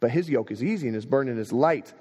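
A young adult man preaching a sermon, telling stories and swinging between quiet moments and emphatic ones. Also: mid-range voice, animated, fast talker, husky. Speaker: pastor. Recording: long reverb of a hall.

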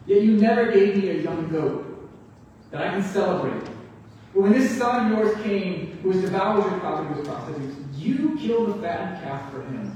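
A preacher voicing a bitter, self-righteous older son. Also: male voice, on the high side, expressive, moderate pace, a little mellow, a little hiss or hum, natural voice. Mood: resentful. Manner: indignant, complaining. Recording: echoey hall, mic far off.

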